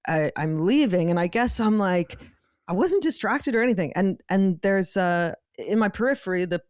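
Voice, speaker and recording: A woman co-host telling a story in casual podcast chat, halting and restarting often. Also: medium pitch, lively intonation, no echo, clean studio sound. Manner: halting, many restarts and repeated words.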